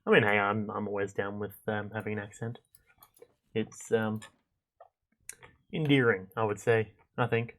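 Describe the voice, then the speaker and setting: A man's voice: lowish voice, flat delivery, normal speed, pauses often, fairly bright tone. Young man rambling on a game stream. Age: young adult. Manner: rambling, chatty, thinks aloud with many fillers. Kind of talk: casual gameplay commentary.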